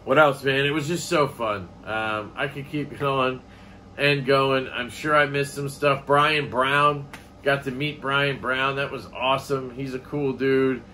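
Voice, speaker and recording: A man's voice: mid-range voice, steady tone, unhurried, pushed and bright, slight background noise. A man vlogging in a casual, rambling way, swearing offhandedly as he chats. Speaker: knife collecting vlogger. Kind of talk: casual chat.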